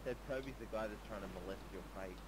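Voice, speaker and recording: New guy, low voice, crude taunting trash talk in game chat. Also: quick pace, heavy background noise. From New Zealand. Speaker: player in voice chat. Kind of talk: casual gaming chat.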